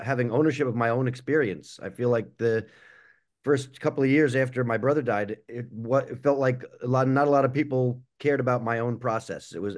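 A man speaking as a panelist on a video call, answering in a reflective, earnest way with frequent fillers. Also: medium pitch. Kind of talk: casual chat.

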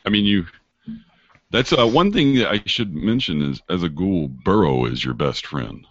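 A man's voice: sits low, expressive, normal speed, fairly bright tone, husky, no echo. A man running an online tabletop game as game master, rambling through rules with many fillers, heard over dull lo-fi voice chat.

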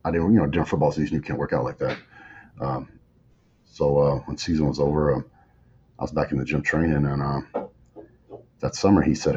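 Forties male interview guest, very low voice, relaxed drawling storyteller, muffled slightly lo-fi audio. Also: brisk, long pauses. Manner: laid-back drawl, acts out dialogue. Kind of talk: casual storytelling. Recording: slightly muffled audio, faint background noise.

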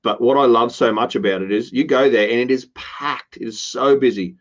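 A man's voice: medium pitch, brisk, muffled recording. A man co-hosting a casual business chat, talking earnestly and slipping into upbeat quoted lines. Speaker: podcast co-host.

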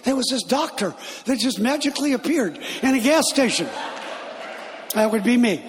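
Middle-aged male guest preacher, very high voice, animated storyteller, hall reverb. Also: normal speed, a crowd in the background. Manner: animated, laughing as he tells it. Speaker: guest speaker. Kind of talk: storytelling sermon.

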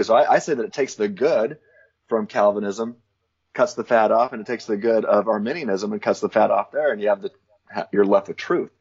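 A man's voice: lowish voice, fairly quick, a little mellow, slightly rough. A man, a guest in a casual interview, explaining theology in a thoughtful way and laughing lightly between points. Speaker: guest, Christian philosopher. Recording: dull lo-fi audio.

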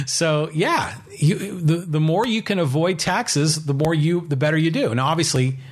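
A man's voice: on the high side, unhurried. A man hosting his own solo podcast, talking in an opinionated, rambling way with many fillers. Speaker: podcast host.

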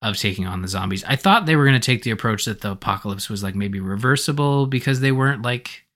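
A man's voice: medium pitch, fast talker, fairly bright tone. A man co-hosting a podcast in casual chat, rambling with lots of fillers and restarts. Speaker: podcast co-host.

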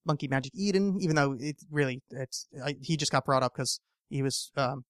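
A man's voice: medium pitch, fairly quick, no room sound, studio quality. A man hosting a casual solo podcast, rambling and swearing often, with lots of fillers and restarts. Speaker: podcast host.

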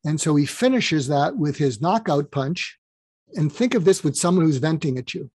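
A man's voice: fairly high pitch, animated, moderate pace, darkish tone, slightly rough, no room sound. An older man, a psychiatrist guest on an interview show, telling a story and acting out the exchanges he quotes.

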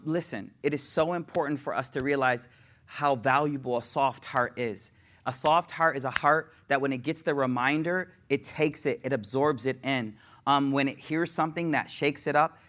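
A man's voice: medium pitch, steady tone, normal speed, a bit bright, slight background noise. A young adult man teaching a sermon in a casual, slang-filled way, building up to raised, passionate delivery. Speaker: religious teacher.

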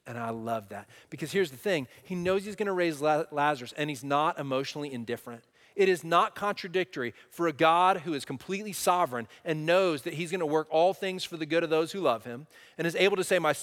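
Higher-voiced male pastor, conversational preacher who swings between loud emphasis and quiet; reverberant church hall. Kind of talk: sermon.

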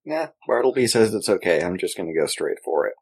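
A man playing a tabletop role-playing game, speaking in character in a deadpan, mock-indignant way. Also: deep voice, brisk, husky, no room sound, clean studio sound. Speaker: player.

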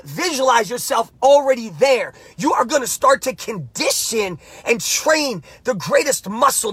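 Husky, high-voiced fired-up male coach. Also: no echo. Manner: emphatic and repetitive, with shouted bursts. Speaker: motivational coach and podcast host. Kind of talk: motivational podcast pep talk.

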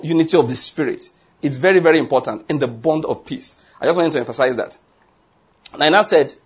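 A pastor preaches a sermon in an animated storytelling style, posing rhetorical questions to the congregation. His voice is a little high and slightly rough.

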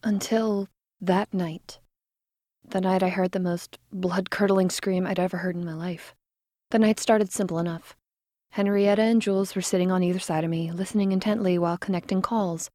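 A woman narrating a first-person story with dramatic, expressive delivery, dropping to a whisper in tense moments. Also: fairly low pitch, moderate pace, no room sound, clean studio sound.

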